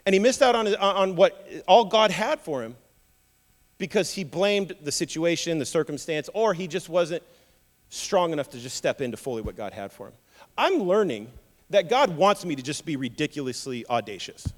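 A man's voice: a little high, very animated, normal speed, long reverb tail. A man preaching a sermon in a casual, playful way, acting out the voices of Bible figures. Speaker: pastor.

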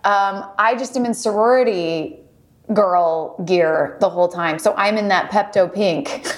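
A woman's voice: mid-range voice, a little slow. Bubbly woman cohosting a chatty podcast, giggles a lot while recapping. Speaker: podcast co-host. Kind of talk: casual chat.

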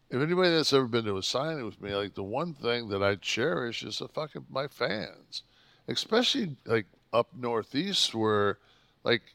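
A man in his sixties co-hosting a podcast, telling stories, swearing constantly and acting out his own shouting. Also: medium pitch, no room sound. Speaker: podcast co-host. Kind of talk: profane storytelling chat.

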